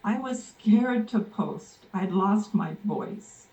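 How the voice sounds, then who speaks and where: A woman's voice: medium pitch, lively intonation, slow pace, mellow. Middle-aged woman gushing thru a heartfelt testimonial, far from the mic, echoey and kinda muffled. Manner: heartfelt, effusive, apologetic. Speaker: guest giving a testimonial. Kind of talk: emotional spontaneous testimonial. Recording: echoey, distant, dull sound.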